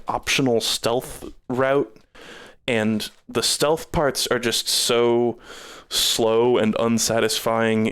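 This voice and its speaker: A man's voice: medium pitch, smooth. A man streaming live, giving rambling casual game reviews with many fillers, tired and starting to lose his voice.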